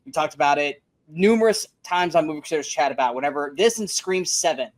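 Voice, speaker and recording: A man's voice: fairly high pitch, expressive, fast talker, no room sound. Male podcast co-host, casual review chat, blunt and profane, dry close sound. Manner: profane, emphatic ranting.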